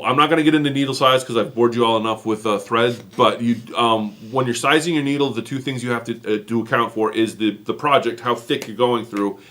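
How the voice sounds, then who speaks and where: A man's voice: mid-range voice, a bit bright. A man, co-hosting a casual chat, rambling and poking fun at himself with lots of ums. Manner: rambling, self-mocking, many fillers. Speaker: co-host.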